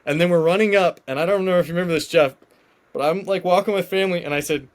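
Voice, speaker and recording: A male podcast guest telling an emotional personal story, animated and acting out the dialogue of the people in it. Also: sits high, quick pace. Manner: animated storyteller who acts out quoted dialogue. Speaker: guest, former game contestant.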